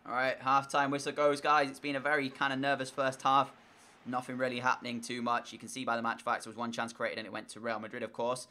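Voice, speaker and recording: Young man, gaming commentary, crisp bright tone, excitable with sudden outbursts. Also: mid-range voice. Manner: excitable, swings between flat play-by-play and loud frustrated outbursts. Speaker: gaming YouTuber. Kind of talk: live gameplay commentary.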